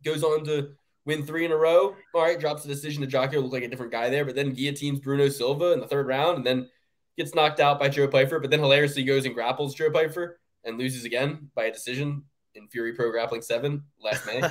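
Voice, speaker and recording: A man co-hosting a sports betting podcast, ranting in casual, profane chat with sudden jumps up in pitch. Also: steady tone, quick pace. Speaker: podcast co-host.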